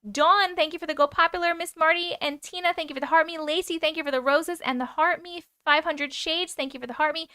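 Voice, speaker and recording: A woman hosting a live chat stream, excitable and quick to laugh, who races through thank-yous to her viewers. Her voice sits high and sounds bright and sharp. The recording is dry and close, with no room sound. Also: dry recording. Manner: chatty and excitable, rattles off thank-yous fast; swears casually, gasps and laughs often. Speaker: livestream host. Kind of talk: casual livestream chat, reading comments and thanking gifters.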